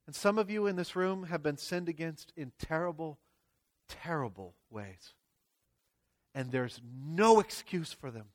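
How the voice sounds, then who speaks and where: A man's voice: on the high side, expressive, a little slow. A man preaching a sermon to his congregation, talking casually and checking in with "okay?" and "right?" before reading scripture with rising emphasis. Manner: conversational, tags lines with "okay?" and "right?"; reads scripture with swelling emphasis. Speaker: pastor. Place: church sanctuary before a congregation.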